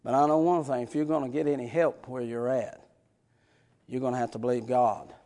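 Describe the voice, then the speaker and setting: A man preaching a sermon in a church, moving from soft, chuckling asides to impassioned shouting. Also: medium pitch, fairly even intonation, fairly quick. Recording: long reverb in a large hall.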